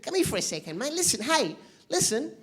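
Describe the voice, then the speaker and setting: A man's voice: very high voice, sing-song, a little fast, fairly bright tone, voice pushed up, exaggerated voice. A man voicing a pushy young street preacher who keeps calling out chummy lines to a stranger. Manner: insistent, chummy.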